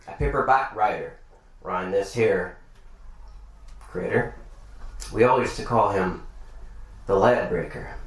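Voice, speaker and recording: A man from Ireland performing spoken-word poetry and deadpan jokes at a live bar gig, with rapid rhyming delivery. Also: a little high, distant mic. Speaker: poet and comedian. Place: bar function room. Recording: echoey live room.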